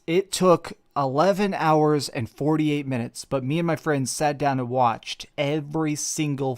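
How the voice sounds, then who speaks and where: A young man hosting a casual live stream, reading super chats with joking, self-mocking rambling. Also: fairly high pitch. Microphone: desk mic with face cam.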